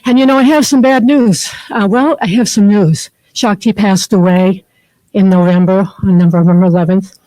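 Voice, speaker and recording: A woman's voice: medium pitch, steady tone, moderate pace, mellow, no echo, rough recording. A woman in her fifties, a therapist and spiritual teacher, speaking as a guest in a chapel and telling personal stories in a heartfelt, rambling way full of fillers. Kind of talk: personal spiritual talk to a group.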